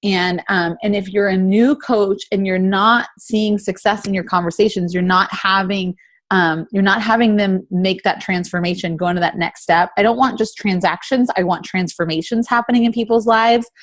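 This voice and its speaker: Energetic woman leading a team call. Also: mid-range voice, normal speed. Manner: energetic, rhetorical questions. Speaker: team leader. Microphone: video call.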